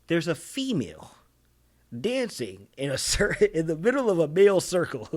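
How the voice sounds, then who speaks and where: A young man, co-hosting a casual podcast and telling profane, animated stories, laughing often and acting out other people's voices. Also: a little high, normal speed. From Boston. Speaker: podcast co-host. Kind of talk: casual storytelling chat.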